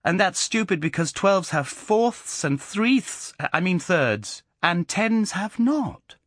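A man reading an audiobook, voicing a precocious, scornful boy of about five who speaks slowly and pointedly. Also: mid-range voice, lively intonation, a bit bright, no echo, studio quality. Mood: triumphant. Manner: slow, pointed, triumphant.

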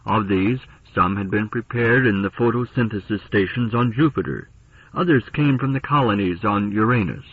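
Brief: low, husky male narrator, expressive rise and fall, heard through a thin, phone-like old radio line. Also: no echo. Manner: measured, solemn, expressive. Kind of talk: scripted storybook narration. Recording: tinny distant old radio broadcast.

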